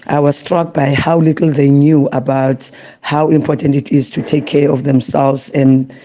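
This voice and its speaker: A man's voice: mid-range voice, dark tone. A man, a researcher, giving an earnest scripted testimonial.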